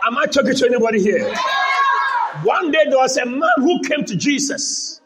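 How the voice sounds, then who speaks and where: Male preacher shouting a call-and-response sermon with a lively, very high voice over a loud congregation. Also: moderate pace. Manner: repetitive call-and-response exhortation. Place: church with congregation. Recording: loud crowd and noise in a live church.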